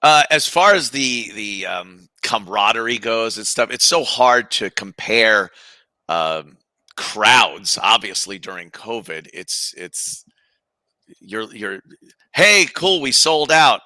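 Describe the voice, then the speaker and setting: A man's voice: on the low side, slow, no echo. A middle-aged man chatting casually as a podcast guest, telling stories with lots of fillers and imitating other people. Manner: animated storyteller, mimics others, frequent fillers. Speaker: podcast guest, radio host. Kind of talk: casual chat.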